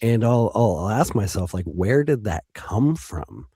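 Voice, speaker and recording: A man speaking as a guest in an interview, reflective and hesitant, with frequent pauses and restarts. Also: fairly low pitch, animated, mellow, slightly rough, no echo, studio quality. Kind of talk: casual interview talk.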